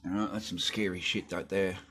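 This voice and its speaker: A man with a very deep voice reads a news article aloud in a plain, steady way. He keeps stopping to throw in crude, sweary, mocking remarks of his own as the host of his channel. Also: fairly quick. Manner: swears often, mocking asides between read passages. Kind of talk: reading aloud with crude running commentary.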